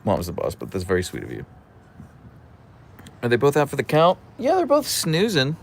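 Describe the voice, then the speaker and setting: A man's voice: deep voice, wildly swooping pitch, brisk, creaky. A man hosting a casual livestream from an outdoor deck, chatting and answering viewer comments into a camera on a tripod. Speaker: livestream host.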